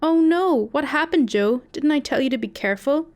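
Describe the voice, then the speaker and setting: A woman voicing a cruel, sarcastic teenage bully boy in a horror story reading, her voice lifted higher than her narration. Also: lively intonation, normal speed. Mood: mocking. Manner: mocking, sarcastic.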